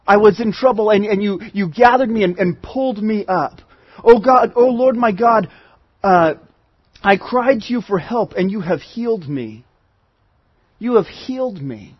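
A man's voice: sits high, unhurried, no room sound, lo-fi sound. A man preaching a sermon as pastor, earnest and conversational, often restarting his phrases.

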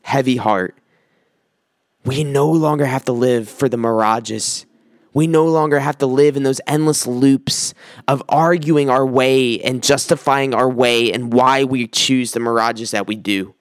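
A man's voice: mid-range voice, unhurried, no echo, clean studio sound. A man preaching a sermon in an earnest way, repeating words for emphasis as he builds toward his point. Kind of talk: sermon with scripture reading.

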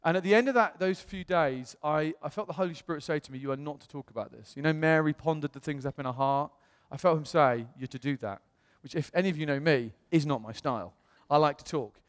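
A man, a pastor, telling a personal story in a sermon in a chatty, animated way. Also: on the high side, fast talker, hardly any pauses, long reverb tail. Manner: chatty storytelling, animated voices when quoting others.

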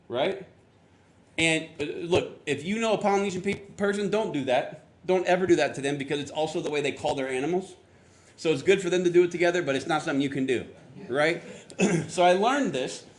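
A man from Florida preaches in a relaxed, conversational way, like he is talking with the congregation. His voice sits a little high for a man. He tells stories with lively energy and acts out sounds and voices as he goes. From Florida, US South. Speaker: pastor. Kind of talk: conversational sermon.

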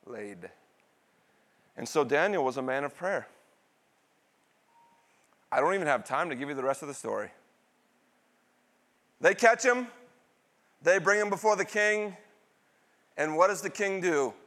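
A middle-aged man preaching a sermon, asking the congregation questions and answering them, with dramatic swings between loud bursts and quiet, low asides. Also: lively intonation, measured pace, long pauses. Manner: call-and-response questions, dramatic swings in pitch and loudness. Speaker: pastor.

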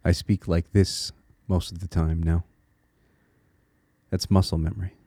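A man's voice: low voice, flat delivery, unhurried, creaky, mellow, no room sound. A man from Connecticut hosting a solo podcast, talking in an earnest, reflective and encouraging way, with small restarts as he thinks aloud. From Connecticut, USA. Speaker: podcast host.

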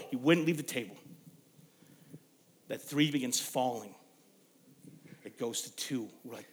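A young man preaching a sermon, telling stories and swinging from loud emphasis to hushed, quiet lines. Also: medium pitch, normal speed, long pauses. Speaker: pastor.

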